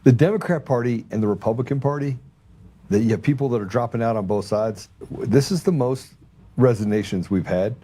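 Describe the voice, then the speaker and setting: A man's voice: medium pitch, fairly quick, mellow, slight background noise. A man hosting a political talk show, casual and rambling, often sarcastic, repeating his words as he goes. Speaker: podcast host.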